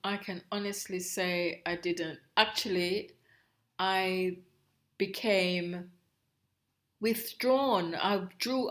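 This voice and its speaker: A middle-aged Jamaican woman with a fairly low voice, the host's mother, appears as a guest recounting her past. She is reflective and halting, breaking off and restarting mid-phrase.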